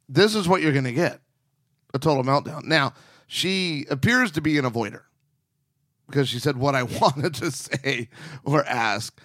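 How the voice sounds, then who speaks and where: A man's voice: medium pitch, measured pace, no room sound, clean studio sound. A man co-hosting a casual podcast, reading listener questions aloud and getting worked up about them, sometimes breaking into mock voices. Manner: animated, gets worked up, reads with mock voices.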